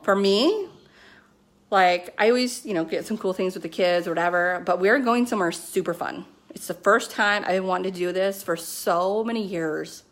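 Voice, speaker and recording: Excited woman, casual pep talk, lots of "like", home phone video, mid-pitched voice. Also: normal speed. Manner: excited, chatty, heavy on "like" and "you know". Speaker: network marketing team leader. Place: at home with her kids nearby.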